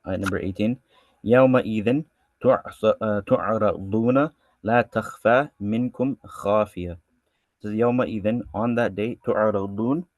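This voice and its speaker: Fast-talking man teaching scripture. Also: fairly low pitch, darkish tone, no room sound, muffled recording. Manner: reads Arabic verses, then translates and explains with many restarts; casual and conversational in his explanations. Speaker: religious studies teacher. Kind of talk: verse-by-verse scripture lesson.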